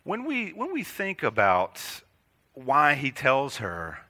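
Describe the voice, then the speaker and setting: Guy preaching a sermon, super bright voice, goes way up and down, earnest, talks right to the congregation. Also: mid-range voice, huge pitch swings, takes it slowly. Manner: earnest preaching, swelling and dropping for emphasis; addresses congregation directly. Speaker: pastor.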